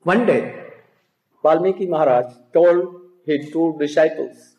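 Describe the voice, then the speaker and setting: Guy with telling a devotional story, slow, kinda high voice, echoey room, keeps going hmm?. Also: dark tone. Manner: slow, halting storytelling with frequent "hmm?" prompts to listeners. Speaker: spiritual teacher.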